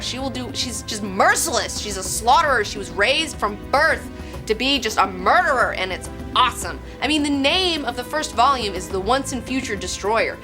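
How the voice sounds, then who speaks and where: A young woman ranting enthusiastically about a comic, gushing and swearing, full of "like" and fast asides. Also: high-pitched, animated, over music. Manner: gushing, profane, lots of "like". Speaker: comic book reviewer. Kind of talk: excited solo review rant.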